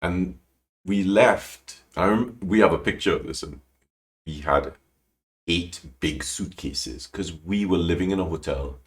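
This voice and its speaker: A man telling an emotional personal story as a podcast guest, animated and rambling, with frequent restarts. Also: measured pace. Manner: animated, acts out quoted lines with big pitch jumps. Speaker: guest calligrapher.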